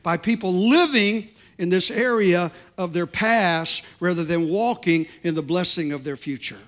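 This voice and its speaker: Bright, high-voiced male preacher. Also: measured pace. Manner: preaching with rising fervor, repetitive declarations. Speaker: pastor. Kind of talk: sermon.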